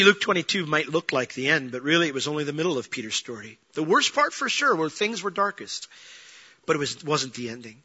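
A man preaching a sermon, telling a story with lively acted-out lines, swinging from loud and fast to quiet and low. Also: highs cut off. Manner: animated storytelling, acting out quoted lines, rising to near-shouting then dropping low. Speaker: pastor.

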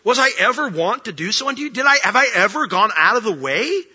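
Preacher as a hurt talking donkey, reproachful, bright tone, hall reverb, dull sound. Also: male voice, high-pitched, very animated, quick pace, husky, voice pushed up, exaggerated voice. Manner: reproachful, plain-spoken. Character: loyal, aggrieved talking donkey.

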